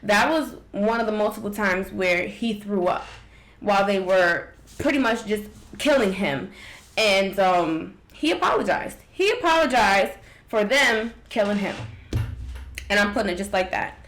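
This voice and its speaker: A woman's voice: mid-range voice, expressive, measured pace, a bit bright, reverberant, low-quality recording. A woman vlogger with features delivers her commentary raw and emphatic. She talks right at the viewer in casual slang, pressing each point hard. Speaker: vlog host.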